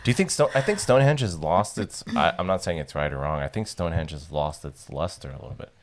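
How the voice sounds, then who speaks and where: Deep-voiced joking man. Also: fast talker. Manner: joking, sarcastic, deadpan asides. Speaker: podcast co-host. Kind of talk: casual chat.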